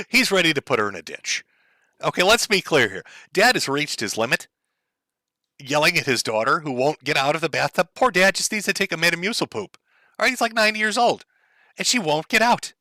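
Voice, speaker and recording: A man reacting to a clip with sarcastic, mocking commentary. His pitch swings widely and his tone is bright and sharp. The voice sounds dry and close, with no room echo. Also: very animated, fairly quick. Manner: sarcastic, mocking, breaks into laughter.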